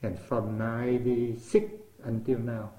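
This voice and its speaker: A man's voice: mid-range voice, flat delivery, measured pace, dark tone. An older man from Vietnam with a Vietnamese accent, speaking English as a second language. He tells his life story in conversation, acting out remembered dialogue and repeating words as he searches for them. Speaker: interviewee. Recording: roomy echo.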